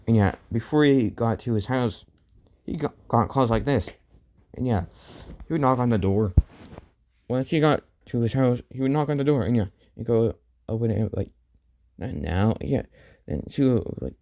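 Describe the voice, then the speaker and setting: A man improvising a fan story, rambling and filling pauses with "and yeah.". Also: fairly low pitch, warm tone.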